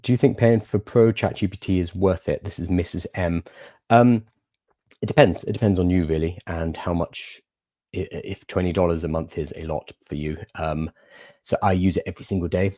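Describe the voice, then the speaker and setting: A man's voice: low voice, steady tone, normal speed, mellow, no echo, clean studio sound. A young man hosting a livestream, chatting casually and answering viewer questions in an explanatory way. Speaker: livestream host.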